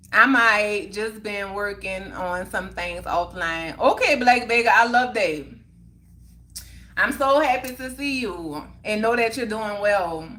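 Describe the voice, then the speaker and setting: A woman's voice: fairly high pitch, pushed and bright. A woman hosting a casual livestream, chatting with viewers and preaching accountability with frequent laughter. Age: young adult or middle-aged mother. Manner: motivational, preachy about accountability, laughs often. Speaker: livestream host reading viewer comments.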